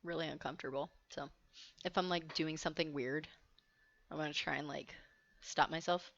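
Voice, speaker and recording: A young woman hosting and telling a story in a casual, animated way, laughing often and swearing freely. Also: low voice, moderate pace, gravelly. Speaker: host. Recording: dull lo-fi recording with faint music.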